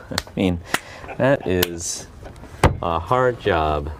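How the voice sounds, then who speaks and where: A man's voice: deep voice, animated, very slow, very noisy. A man in his thirties in a casual chat, easygoing and amused, who reads jokes aloud. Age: 30s.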